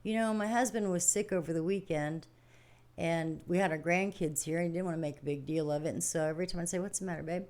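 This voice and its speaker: A woman's voice: on the low side, fast talker, darkish tone. Folksy older woman, rambling live chat. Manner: folksy and rambling, acts out little scenes. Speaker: livestream host. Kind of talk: casual spiritual talk. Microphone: home livestream setup.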